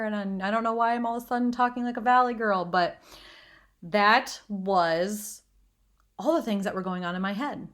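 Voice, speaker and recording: A woman's voice: medium pitch, normal speed, fairly bright tone. A woman from the American Midwest, in her thirties, hosting a solo podcast and talking candidly with casual swearing and self-deprecating humor. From Northwest Iowa, USA. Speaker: podcast host and confidence coach.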